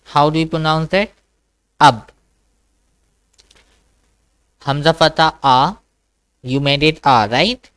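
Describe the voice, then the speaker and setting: A man's voice: a little high, takes it slowly, pauses often, fairly bright tone, clean tone, no echo. A man teaching Quran reading in an online one-to-one class over a video call, patiently repeating sounds and checking understanding.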